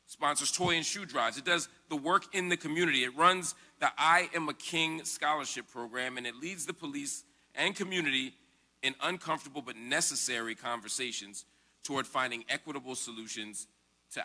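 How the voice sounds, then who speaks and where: Bright, earnest male presenter. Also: a little high. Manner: earnest, measured, oratorical. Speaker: event presenter. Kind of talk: formal award presentation.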